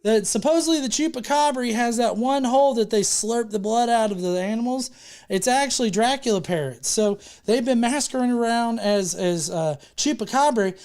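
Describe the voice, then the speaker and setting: A woman with a fairly high voice talks loosely on a livestream, joking and cursing as she spins a rambling, goofy tale. Her delivery is casual and unscripted, full of fillers and asides. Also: normal speed, a little mellow. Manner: rambling, joking, swears freely. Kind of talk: casual, profane livestream banter.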